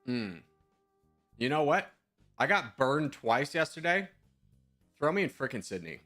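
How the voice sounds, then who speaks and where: A man streams live, thinking his guesses through aloud in a loose, chatty, self-mocking way. His bright, forward voice swings widely in pitch while he keeps a measured pace. Soft music plays faintly in the background of this casual commentary.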